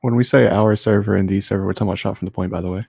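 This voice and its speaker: A man's voice: on the low side, fairly even intonation, rapid-fire, vocal fry, warm tone, slightly rough, dry recording, clean studio sound. A man co-hosting a casual podcast, throwing in jokes and sarcastic remarks. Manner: joking, sarcastic. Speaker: podcast co-host.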